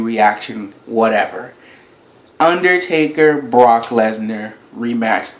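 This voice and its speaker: A man talks through a wrestling event in a loose, rambling reaction video. His voice sits at a middle pitch. He recounts the action play-by-play and gets excited as he goes. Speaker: wrestling fan reviewer.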